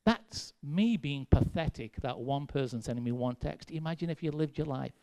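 A man's voice: a little high, expressive, normal speed, creaky, a little mellow. A man with an English accent preaching a sermon in a conversational, self-deprecating way, with dry sarcasm. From England. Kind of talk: sermon with personal stories.

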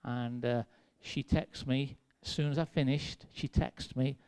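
Speaking a little slowly, a man from England with an English accent delivers a sermon of personal stories in a conversational, self-deprecating style laced with dry sarcasm. His mid-range voice is a little mellow and clean, with fairly even intonation.

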